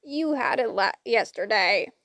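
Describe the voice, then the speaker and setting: A woman's voice: medium pitch, expressive, measured pace, gravelly, a bit bright, no echo, studio quality. A woman voicing a blind old gray sister who screams warnings from the middle seat. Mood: panicked. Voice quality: screeching.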